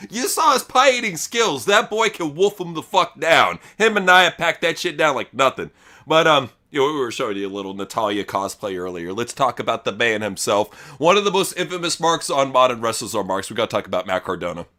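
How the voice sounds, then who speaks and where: A man's voice: medium pitch, sing-song, fairly quick, bright, forceful tone. A man co-hosting a wrestling news podcast, swearing freely and mocking the people he reads quotes from. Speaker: podcast co-host. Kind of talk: crude casual news chat.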